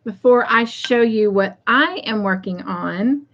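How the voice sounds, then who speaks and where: A woman hosting a crochet livestream, chatting casually and warmly with viewers and often breaking into laughter. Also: fairly high pitch, lively intonation, slow pace, lo-fi sound. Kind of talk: casual chat to live viewers.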